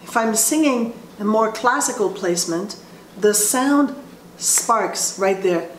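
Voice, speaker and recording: Slow-spoken woman voice teacher. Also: medium pitch, animated. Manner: explains slowly with frequent restarts. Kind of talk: instructional talk with sung demonstrations. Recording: roomy echo with faint ambient noise.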